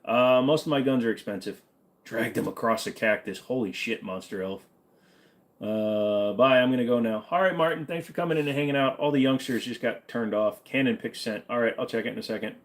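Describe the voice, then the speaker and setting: A man's voice: medium pitch, fairly quick. Joking, profane man hosting a livestream. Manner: joking, profane, answers chat questions. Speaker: livestream host reading viewer questions. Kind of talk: casual livestream Q&A.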